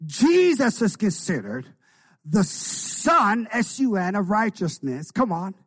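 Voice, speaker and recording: Husky preacher man, fervent and rising. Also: sits high, sing-song, slow pace. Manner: call-and-response preaching, shouting "come on". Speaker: pastor. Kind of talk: sermon.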